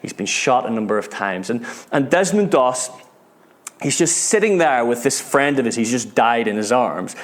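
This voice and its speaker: A British man preaching a sermon, retelling a story with earnest feeling, often repeating words and dropping to a hush at tense moments. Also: mid-range voice, animated, moderate pace. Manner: earnest, repeats words, drops to hushed tones at dramatic moments.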